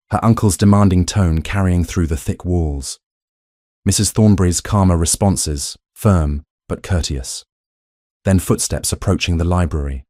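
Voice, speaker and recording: A man reading a romance story aloud in a measured, even storytelling voice. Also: low voice, no echo, clean studio sound. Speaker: narrator. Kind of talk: scripted audiobook narration.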